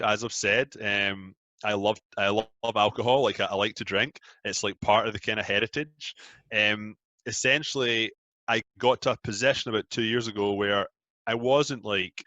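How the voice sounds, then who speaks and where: A man in his thirties from Scotland with a Scottish accent, chatting easily as a guest in an interview, quick to laugh at himself. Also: on the low side, pushed and bright, no echo, highs cut off. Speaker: guest, app founder. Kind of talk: casual interview chat.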